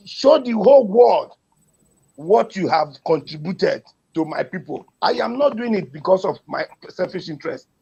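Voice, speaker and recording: Impassioned Nigerian man, gravelly and husky. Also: sits high, dull audio. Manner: pleading, repetitive, emotional. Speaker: community advocate. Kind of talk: impassioned appeal.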